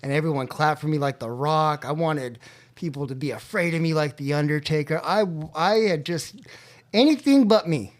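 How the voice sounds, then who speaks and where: A man's voice: a little high, animated, normal speed. A man from California, a podcast guest, telling his recovery story in an earnest, heartfelt way.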